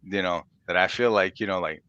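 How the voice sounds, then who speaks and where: A man's voice: deep voice, brisk, sharp tone, smooth, no room sound, muffled recording. A young man co-hosting a podcast, rambling casually, laughing often and acting out little quotes. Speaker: podcast co-host. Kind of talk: casual chat.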